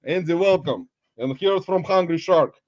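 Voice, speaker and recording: High-voiced playful male stream host. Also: moderate pace, a little mellow, no room sound, lo-fi sound. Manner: theatrical, mock-dramatic, laughs often. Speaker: livestream host. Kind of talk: playful livestream chat.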